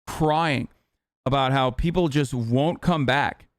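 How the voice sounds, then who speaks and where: A man's voice: mid-range voice, slow pace, no echo, clean studio sound. Ranting, foul-mouthed male streamer. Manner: heated, profane, ranting. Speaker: streamer reacting to a clip. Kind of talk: casual profane reaction commentary.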